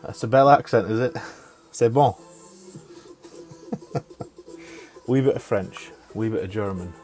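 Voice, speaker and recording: Low-pitched bloke chatting over his golf game stream, swears and mutters, faint music behind. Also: a little mellow. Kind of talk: casual chat over live gameplay.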